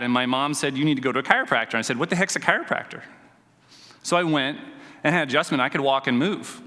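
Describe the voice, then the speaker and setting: Bright-voiced man telling stories on stage. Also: fairly high pitch. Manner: storytelling, self-deprecating, quizzes the audience. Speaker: conference speaker, chiropractor. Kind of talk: motivational stage talk. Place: conference stage before a live audience. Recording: reverberant event hall.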